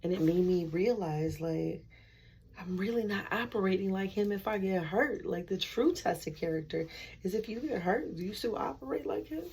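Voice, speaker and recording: A woman's voice: medium pitch, lively intonation, moderate pace, darkish tone, a little hiss or hum. A woman giving a candid, conversational faith testimony, acting out her inner dialogue with God. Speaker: speaker sharing a faith testimony.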